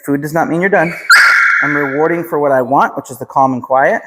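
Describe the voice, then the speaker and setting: An American man working as a dog trainer, calmly explaining a training session to the dog's owners while giving short commands to the dog. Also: fairly high pitch, a little fast. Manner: calm, instructive, repeats short commands to the dog. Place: training room with a dog present. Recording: reverberant room, faint background noise. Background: dog barking and clicks.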